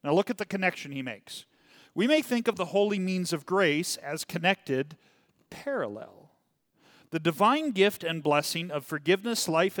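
Man, pastor type, teaching a church Bible study; lively and chatty, keeps asking "okay?", slightly high voice, dry sound. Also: no room sound. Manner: animated, rambling, frequent "okay?" check-ins.

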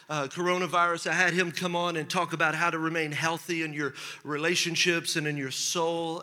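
A man preaching a sermon as pastor, telling a personal story with lively asides and humor. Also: high voice. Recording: large hall with long reverb.

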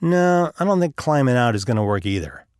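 A man voicing a stubborn, fearful man stuck in a hole, pitching his voice up and whining. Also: very animated, a little fast, a little mellow, clear, resonant tone, no echo, studio quality, lightly acted. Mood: excuse-making. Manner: whiny, raises his pitch for the character.

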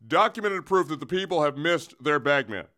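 A man's voice: a little high, expressive, brisk, pushed and bright. A man hosting a comic sports segment, rambling and boastful in a mock-grandiose way, with lots of restarts. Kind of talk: comedic sports rant.

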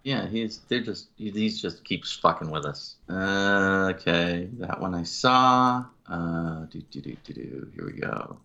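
A man's voice: low-pitched, expressive, unhurried, creaky, few pauses, pushed and bright, highs cut off. A man co-hosting a podcast in casual chat, joking and riffing with frequent laughs. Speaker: podcast co-host.

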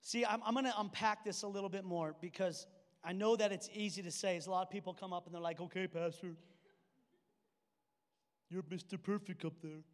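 A young adult man preaching a sermon as a pastor, casual and storytelling, acting out conversations with his friend. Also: sits high. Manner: conversational, storytelling preacher who acts out dialogue. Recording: long hall reverb.

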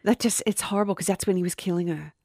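A woman's voice: lowish voice, fast talker, no room sound, clean studio sound. A woman hosting a true crime podcast, telling the case in a casual, chatty way. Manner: conversational, relaxed storytelling with fillers. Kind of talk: casual storytelling chat.

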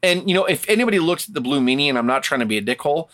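A man's voice: on the high side, animated, rapid-fire, a bit bright. A man co-hosting a casual podcast, ranting with heavy swearing and mocking people in put-on voices. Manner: profane, ranting, mocks others in put-on voices. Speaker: podcast co-host. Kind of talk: heated casual chat.

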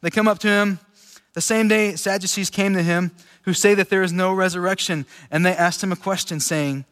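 A man preaching a relaxed, chatty sermon to a room of listeners, laughing easily as he talks. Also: high-pitched, normal speed. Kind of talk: casual conversational sermon. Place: large room with an audience. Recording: echoey hall with long reverb.

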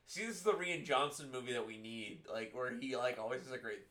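A man chatting casually about a movie, swearing freely, laughing and shouting out lines from the scenes. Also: mid-range voice, a little fast. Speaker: podcast co-host. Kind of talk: casual movie review chat.

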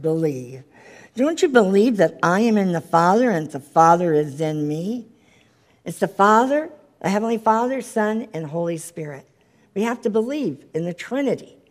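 A woman teaching at a Bible study in a sermon style, earnestly reading scripture aloud and growing more fervent as she preaches. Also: a little mellow. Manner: earnest, reads scripture aloud, rises in pitch when stirred. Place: meeting room, live gathering.

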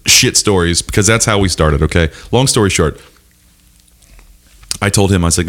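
A man co-hosting a podcast, trading crude jokes in casual banter with profane, lively delivery. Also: sits low, moderate pace, long pauses. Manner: profane, joking, animated. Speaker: podcast co-host.

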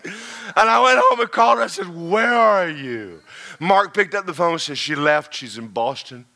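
A man preaching a sermon, swinging from low murmurs to shouted passages. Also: fairly quick, creaky. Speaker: pastor.

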